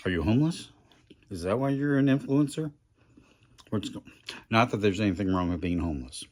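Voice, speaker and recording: Low-voiced rambling middle-aged man. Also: animated, fairly quick. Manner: chatty, self-deprecating, talks with mouth full. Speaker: YouTuber reviewing food. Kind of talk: casual rambling food review vlog.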